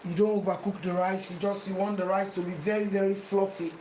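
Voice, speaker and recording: A woman's voice: medium pitch, flat delivery, fairly quick, mellow, a little hiss or hum. A woman hosting a casual cooking demonstration, chatty and repetitive, now and then slipping into playful sing-song. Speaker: cooking vlogger. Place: home kitchen. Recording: roomy kitchen echo, faint ambience.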